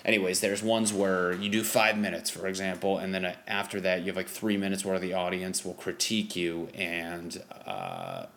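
A man's voice: deep voice, normal speed, vocal fry, few pauses, a bit bright, slight background noise. A young man, a stand-up comic, talking loosely on a podcast, full of fillers and swearing. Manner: loose, rambling, profane, lots of fillers. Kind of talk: casual podcast chat.

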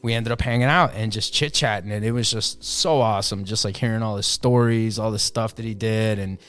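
A man telling a bar story in casual chat, animated and swearing, acting out the voices of the people in it with many fillers. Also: on the low side, a little fast. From Puerto Rican roots, raised in New Jersey/New York area. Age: adult, former indie wrestler. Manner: animated storyteller, lots of fillers and profanity, acts out quotes.

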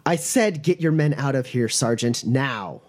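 A man's voice: medium pitch, lively intonation, measured pace, darkish tone. A man voicing a stern female military commander who gives curt orders. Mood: commanding.

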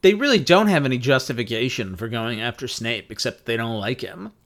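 A podcast cohost in casual chat, agreeable and measured. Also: mid-range voice, animated, fairly bright tone.

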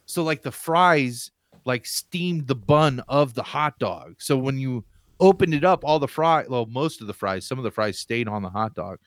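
A man in casual chat, telling an animated, rambling story from his home on a video call. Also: mid-range voice, moderate pace, dry recording, clean studio sound. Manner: animated, rambling, laughs while telling stories. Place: home room with pinball machines.

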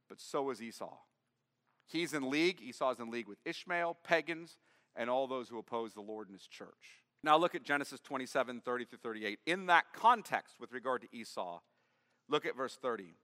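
In a large church hall, a pastor with a medium-pitched, sharp voice preaches a sermon. He reads scripture aloud, then explains it in plain language.

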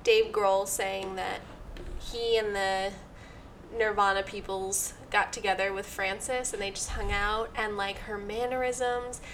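A woman's voice: medium pitch, fairly even intonation, slow, a bit bright, slight background noise. A woman co-hosting a podcast, keeping the chat loose and teasing. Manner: joking, teasing banter. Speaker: podcast co-host. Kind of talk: casual chat.

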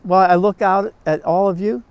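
A man teaching a Bible class, telling stories in a folksy, animated way with frequent chuckles. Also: high voice, moderate pace, smooth. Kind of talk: storytelling Bible lesson.

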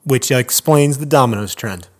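A man with a husky voice co-hosts a podcast in casual chat. He trades playful, mock-earnest asides. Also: mid-range voice, moderate pace. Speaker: podcast co-host.

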